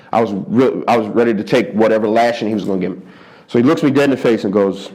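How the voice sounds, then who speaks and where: A man from the Philadelphia area, around forty, a stand-up comedian telling a story in an interview in a lit studio. He repeats words for emphasis and keeps the telling lively and animated. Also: quick pace. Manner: animated, repeats for emphasis, jumps into high-pitched voices for quoted people. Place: studio under hot lights.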